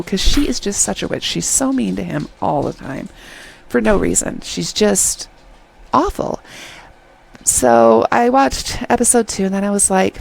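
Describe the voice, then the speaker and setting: A woman's voice: lowish voice, animated, normal speed, vocal fry, husky, low-quality recording. A middle-aged woman reviewing a drama in casual chat, retelling scenes and quoting the characters.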